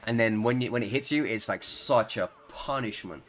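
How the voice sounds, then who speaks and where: A man's voice: on the low side, normal speed, fairly bright tone, soft background music. A man giving casual, rambling commentary over his own gameplay, joking and laughing as he talks. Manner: rambling, jokey, laughs often. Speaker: gaming YouTuber.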